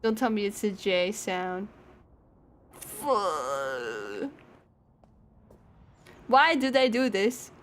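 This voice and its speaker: A woman's voice: mid-range voice, sing-song, extremely slow, long pauses, fairly bright tone. A young woman streaming a game, chatting casually, swearing, laughing and yelping when startled. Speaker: VTuber streamer. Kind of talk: casual gaming stream chat.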